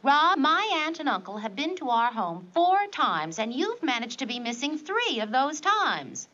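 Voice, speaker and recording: A woman's voice: sits high, very animated, moderate pace, pushed and bright, full character voice. A young actress playing a housewife who pleads insistently with her husband in a 1960s sitcom. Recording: dull 1960s TV soundtrack.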